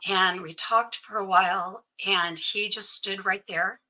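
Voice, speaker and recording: A woman's voice: medium pitch, steady tone, a little slow, pushed and bright, low-quality recording. A middle-aged woman, a guest in an interview, telling a personal story and acting out what each person said. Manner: recounts events by acting out quoted dialogue.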